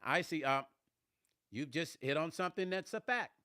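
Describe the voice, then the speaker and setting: A musician and vlogger responds to viewer comments during a live stream, blunt and emphatic, and he swears when riled. His voice is fairly high, bright, and forceful, expressive at a moderate pace, captured in a clean studio with no room sound.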